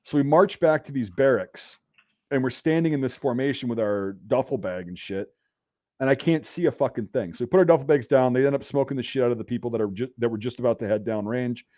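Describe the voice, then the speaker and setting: Guy rambling through a profane army story, regular pitch, muffled dry audio. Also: fast talker, dark tone, no room sound. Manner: profane, rambling anecdote telling. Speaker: podcast host. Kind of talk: casual storytelling. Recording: dull dry recording.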